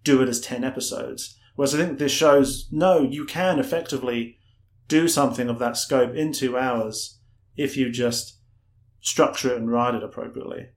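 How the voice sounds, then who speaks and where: A man's voice: mid-range voice, moderate pace. A man co-hosts a film review podcast in casual chat. He rambles and corrects himself, with a wry edge to his remarks. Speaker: podcast co-host.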